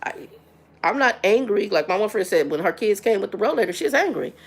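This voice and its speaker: A middle-aged woman hosts a casual livestream chat in a husky, medium-pitched voice, speaking briskly with lively intonation. She's frank and blunt, and she often stumbles and repeats words as she goes.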